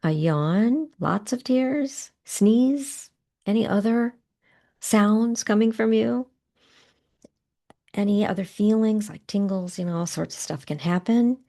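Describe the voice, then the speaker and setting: A middle-aged woman coaching a guided tapping exercise, giving gentle, unhurried guidance with soft pauses. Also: mid-range voice.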